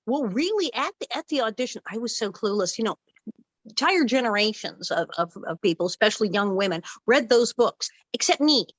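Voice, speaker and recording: Lively middle-aged woman telling stories. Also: fairly high pitch, fairly quick, no echo, low-quality recording. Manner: animated, acts out quoted voices. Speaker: guest actress. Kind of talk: casual interview storytelling.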